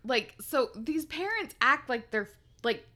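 A woman co-hosting a casual podcast chat, expressive and chiming in with reactions. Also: sits high, a little slow. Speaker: podcast co-host.

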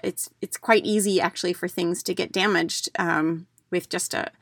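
A woman's voice: lowish voice, steady tone, moderate pace, vocal fry, fairly bright tone, dry recording, studio quality. A middle-aged woman from the United States who hosts a podcast, talking casually as a declutter coach in a chatty storytelling way, with fillers and restarts.

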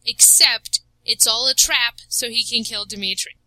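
Bright, dry-voiced woman telling a story. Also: fairly high pitch, moderate pace, dry recording, low-quality recording. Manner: animated storyteller, laughs often, says "like" a lot. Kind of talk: casual chat recapping a video game story.

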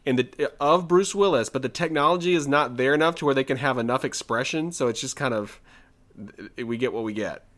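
A man's voice: mid-range voice, a little fast, fairly bright tone. A man from the American South with a Southern accent, co-hosting a podcast in casual chat, giggly and playfully indignant. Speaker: podcast co-host.

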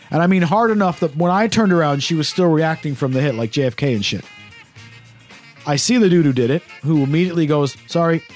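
A man casually telling a story on a podcast, animated and full of swearing. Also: on the high side.

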